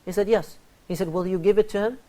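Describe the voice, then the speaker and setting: A man hosting a religious panel talk, rattling along at a brisk clip. he tells stories with lively energy and gives each quoted character a voice of its own. he speaks to a panel of guests. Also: high-pitched. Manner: animated storyteller, acts out quoted dialogue. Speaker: host.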